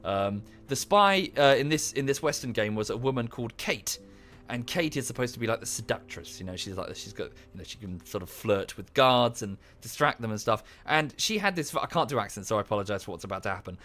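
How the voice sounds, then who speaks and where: A man's voice: mid-range voice, animated, fairly quick, few pauses, fairly bright tone, faint music behind. A man in his thirties streaming a game, talking casually and rambling into a rant, close to the microphone. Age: 30s. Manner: rambling, ranting. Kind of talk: casual live-stream chat.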